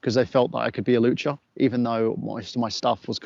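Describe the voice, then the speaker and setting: Gravelly English man, profane storyteller. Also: mid-range voice, fairly even intonation, fast talker, dull audio, noisy background. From England. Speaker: podcast guest, former wrestler. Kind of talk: casual podcast chat.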